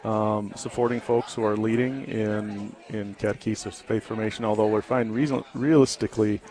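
Earnest, halting man with a low voice. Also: steady tone, dark tone. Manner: earnest, halting, many ums and restarts. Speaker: guest, ministry founder. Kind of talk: talk radio interview.

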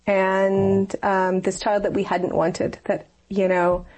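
Breathy woman telling a personal story. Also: mid-range voice, flat delivery, slow, a little mellow. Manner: earnest, rambling storytelling with many fillers. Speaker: interview guest. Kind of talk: personal faith testimony in conversation.

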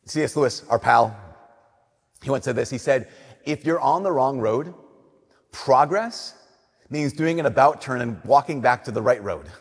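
A man preaching a conversational sermon, telling stories and slowing down softly on his key points. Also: medium pitch, husky, big-room sound.

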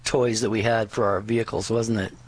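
A man's voice: fairly low pitch, flat delivery, fairly quick, slight background noise. A man co-hosting a religious radio show, reading and telling jokes in an easygoing way.

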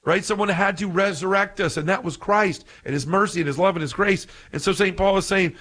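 A man preaching earnestly on a podcast, getting excited and repeating himself. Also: sits high, brisk, few pauses. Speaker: podcast speaker on faith. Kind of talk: preaching commentary.

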